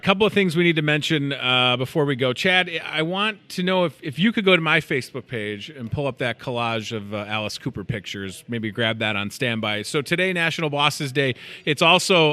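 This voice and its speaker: A man's voice: medium pitch, pushed and bright. A man hosting a live local TV segment, chatty and joking, often mocking himself. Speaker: store TV show host.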